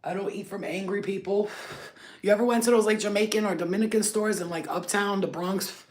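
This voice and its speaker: Medium in pitch and darkish in tone, this woman speaks briskly with fairly level intonation. She hosts a spiritual healing channel, is of Albanian background, and delivers an unscripted, blunt, swear-laden, filler-filled rant straight to camera.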